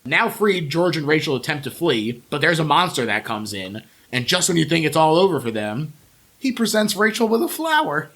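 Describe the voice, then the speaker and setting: A man's voice: a little high, very animated, normal speed, a bit bright. Laughing man recapping a movie. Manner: laughs often, recaps the plot, swears casually. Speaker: podcast co-host. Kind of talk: casual movie discussion.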